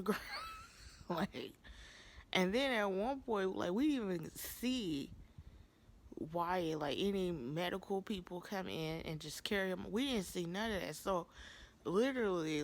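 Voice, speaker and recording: A young woman recapping a TV episode in a casual vlog, gossipy and animated, laughing often and acting out quotes in sudden high voices. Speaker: TV episode reviewer.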